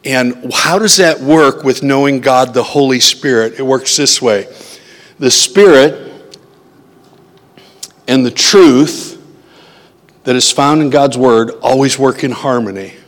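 Slow-speaking preacher in an echoing hall. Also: male voice, medium pitch. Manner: conversational, asks the audience questions. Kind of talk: sermon. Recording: long hall reverb.

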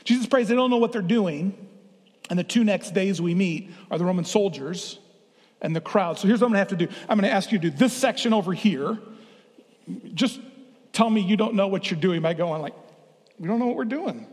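A middle-aged pastor with a high-pitched, somewhat dark-toned voice delivers a brisk, interactive sermon, playfully drawing his congregation in. His words ring out through a church sanctuary with a long reverb.

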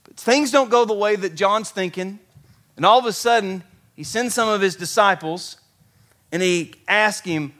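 A pastor with a high voice preaches an animated sermon to his church, acting out the lines of biblical figures. For emphasis he drops his voice soft and slow.

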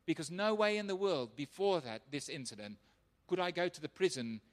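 A man preaching as a missionary pastor, telling his testimony as an animated storyteller who acts out the voices of others. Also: on the high side, brisk. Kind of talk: sermon testimony. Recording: long hall reverb.

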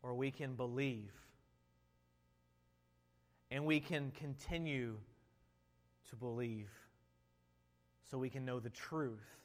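A man preaching a sermon as a pastor, slow and deliberate, rising to an impassioned pitch before quieting into prayer. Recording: long reverb of a large hall.

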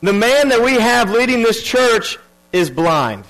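A man's voice: very high voice, sing-song, unhurried, fairly bright tone, rough recording. A man preaching a sermon earnestly, repeating key phrases and restarting his sentences.

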